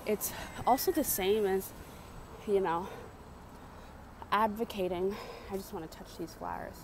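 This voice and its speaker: A woman's voice: mid-range voice, fairly even intonation, a little slow. Chatty woman vlogging outdoors, noisy background. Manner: earnest and chatty, many fillers like "you know". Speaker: spiritual vlogger. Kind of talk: casual spiritual vlog monologue. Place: outdoors among plants and trees.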